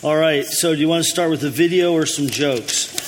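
A man's voice: fairly high pitch, normal speed, in a large hall, noisy background. A man, the lead pastor, telling folksy jokes to his congregation in an easygoing way. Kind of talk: telling jokes before a sermon. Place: church hall.

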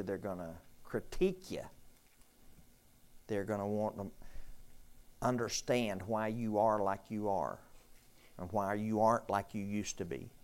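A man leading a conversational sermon as pastor, repeating questions and inviting the group to answer. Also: fairly low pitch.

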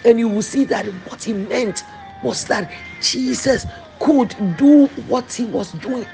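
A woman preacher delivers a sermon with fervent conviction. She repeats each declaration several times and pushes her voice up into shouts to drive a point home. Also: fairly high pitch, husky.

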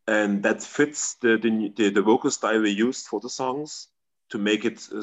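Halting low-voiced man. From Germany. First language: German. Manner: halting, searching for English words. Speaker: guest, metal band member. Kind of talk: casual interview answers.

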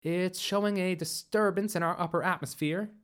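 A man voicing a young woman hacker who answers quickly and nervously in a raised voice. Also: high voice, steady tone, fairly bright tone, clear, resonant tone, pitched above the performer's own voice. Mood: tense.

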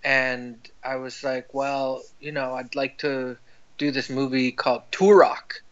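Laid-back male host, bright and forceful, slightly high, muffled recording. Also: steady tone, a little slow. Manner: laid-back, says "dude" often. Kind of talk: casual chat.

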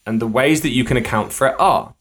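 A man co-hosting a podcast as a fitness coach, explaining with examples in a playful, animated way. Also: medium pitch, fast talker. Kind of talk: casual podcast chat.

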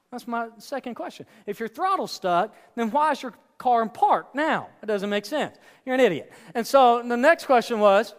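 A young man, a youth pastor, giving a casual, joking sermon in a church room, telling stories with quick asides. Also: sits high, fairly bright tone, clean tone. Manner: chatty storyteller, quick asides and jokes. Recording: echoey hall.

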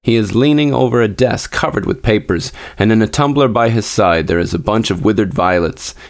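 A noble statue prince from a storybook fairy tale, sorrowful yet gently commanding, as a male reader puts him on. The voice sits low and slow, with a solemn weight on each phrase. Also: animated, gravelly.

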